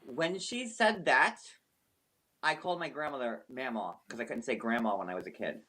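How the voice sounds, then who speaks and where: A man hosting a live stream, telling a personal story in an animated, emphatic way with some swearing. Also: mid-range voice, moderate pace. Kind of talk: casual storytelling.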